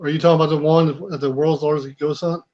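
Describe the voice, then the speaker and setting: Plain-spoken man, somewhat high, lo-fi. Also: little pitch movement, fast, darkish tone. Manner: plain, loose conversational grammar. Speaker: paranormal investigator guest. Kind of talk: casual storytelling on a podcast.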